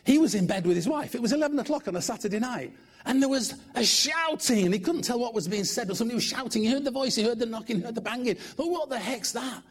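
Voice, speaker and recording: A middle-aged man, preaching and praying with animated, humorous storytelling in a church. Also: very high voice, fast talker, slightly rough. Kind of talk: sermon.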